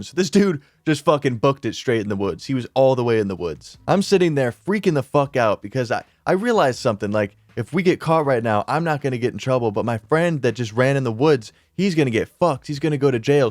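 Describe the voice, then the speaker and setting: A young man telling a story casually to camera, animated and swearing, acting out what people said. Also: mid-range voice, dry recording, studio quality. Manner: animated, swears a lot, acts out quotes. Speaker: YouTuber. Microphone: studio mic on an arm.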